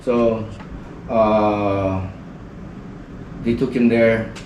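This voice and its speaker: Drawing out his words in a fairly low voice with little pitch movement, a male podcast guest from the Northern Mariana Islands tells a rambling story in casual chat and leans heavily on "like." The distant mic produces a roomy sound against a noisy background.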